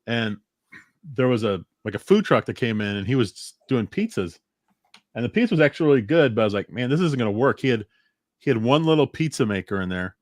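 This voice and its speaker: A man's voice: medium pitch, big pitch swings, a little fast, no room sound, clean studio sound. A man co-hosting a casual group chat, telling rambling stories with lots of fillers. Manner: rambling storyteller, trails off with fillers. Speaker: podcast co-host.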